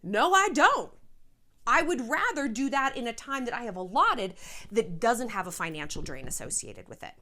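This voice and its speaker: A woman giving frank, animated life advice in a casual vlog, a little short of breath and sighing now and then. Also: a little high, a little fast. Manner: frank, animated, swears, slips into quoted voices.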